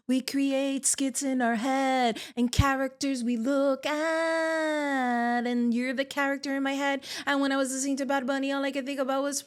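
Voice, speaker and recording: A middle-aged woman from Miami, a guest on a podcast, chatting casually and playfully and breaking into loud comic bits. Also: high-pitched. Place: podcast studio.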